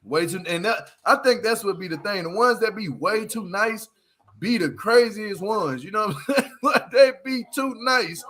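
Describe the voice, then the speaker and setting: A man giving a casual, slangy recap of a reality show, with animated delivery and laughing asides. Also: high voice, normal speed.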